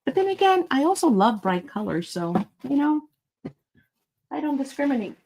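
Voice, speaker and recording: A woman's voice: sits high, big pitch swings, moderate pace, darkish tone, poor audio. A woman hosting a live online sale, talking in a bubbly, chatty way and thinking aloud as she goes. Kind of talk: casual live-sale chat.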